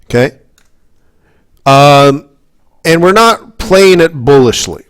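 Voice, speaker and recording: A man's voice: on the high side, expressive, takes it slowly, a bit bright, clear, resonant tone. A man from Canada coaching forex traders in live market commentary, rambling through asides, checking in with the audience and getting worked up and emphatic.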